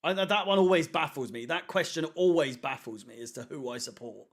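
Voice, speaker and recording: A man talks casually to a live chat, loose and rambling with plenty of ums. His voice sits a little high for a man. He swears offhandedly as he goes. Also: lively intonation, fairly quick, a bit bright. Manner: rambling, chatty, swears casually, many fillers. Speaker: fan channel watchalong host. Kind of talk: casual live-stream chat reading comments.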